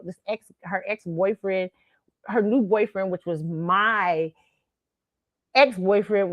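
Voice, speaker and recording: Middle-aged female host, lively storyteller, laughs a lot, dry close sound. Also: no echo. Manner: animated, laughing, acts out quotes in a high voice. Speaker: show host. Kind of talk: casual storytelling commentary.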